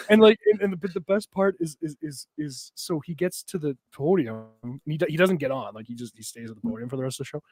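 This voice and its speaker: A man from Canada, co-hosting a loose wrestling talk stream. He tells stories animatedly with frequent laughs, his voice sitting high. The sound is dry and close. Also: brisk, no echo. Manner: animated storytelling, laughing between lines. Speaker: co-host. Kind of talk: casual chat.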